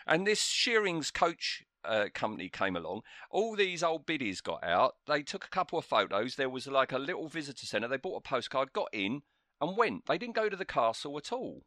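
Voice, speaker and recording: Bright-voiced British man chatting. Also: medium pitch, very animated, normal speed, dry recording, clean studio sound. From United Kingdom. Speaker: podcast co-host. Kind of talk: casual chat.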